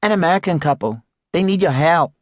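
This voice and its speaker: A man's voice: a little high, expressive, brisk, no room sound, voice pushed up, natural voice. A man voicing a polite, cheerful young woman who works as a shop assistant, with a matter-of-fact way of talking.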